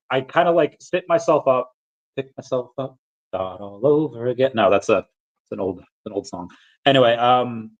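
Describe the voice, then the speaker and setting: A man's voice: medium pitch, muffled recording. Rambling man telling a story on stream. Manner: rambling, animated anecdotes, acts out quotes, frequent fillers. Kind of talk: casual livestream storytelling.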